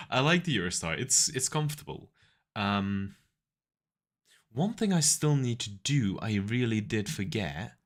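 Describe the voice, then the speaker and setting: A man's voice: on the low side, sharp tone. A man streaming and chatting casually with viewers, rambling through stories and laughing often.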